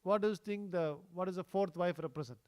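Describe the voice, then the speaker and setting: A man giving a storytelling sermon at a temple, conversational, with frequent fillers, soft chuckles and questions put to the audience. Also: sits high, a little fast. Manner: conversational, many "you know" fillers, chuckles, quizzes the audience. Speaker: speaker at a temple.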